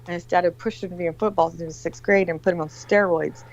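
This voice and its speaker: A woman's voice: on the low side, fast talker, dull audio. Woman telling a rambling, profane story. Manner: rambling, profane, animated storytelling with acted-out quotes. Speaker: livestream guest. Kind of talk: casual storytelling chat.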